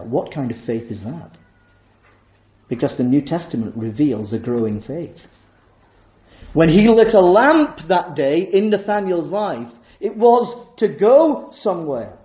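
A man preaching a sermon, emphatic and full of rhetorical questions, with sharp rises and drops in loudness. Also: medium pitch. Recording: roomy, dull church sound.

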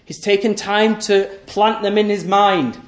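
A man preaching a sermon, emphatic and repetitive, asking rhetorical questions and letting his voice sink low and quiet at the ends of phrases. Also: fairly even intonation, unhurried, roomy sound. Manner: voice often drops low and soft at the end of phrases.

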